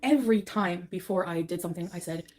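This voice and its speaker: A woman's voice: lowish voice, fast talker, a little mellow. A woman on a livestream, talking in a scattered, confessional, rambling way.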